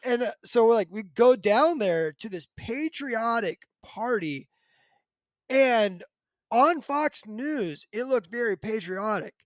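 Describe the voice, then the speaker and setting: A high-pitched man hosts a casual podcast, rambling through a story with lots of fillers and animated asides. He sounds like a man in his thirties. The recording is close and dry, with no room sound. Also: slow, no echo. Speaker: podcast host.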